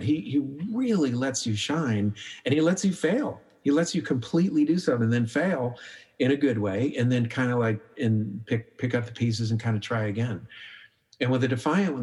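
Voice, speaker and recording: A middle-aged man, a documentary filmmaker, talking casually in a podcast interview, telling stories and acting out his own thoughts, with many restarts. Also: mid-range voice. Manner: animated storyteller, acts out his own inner voice; frequent restarts and filler "like".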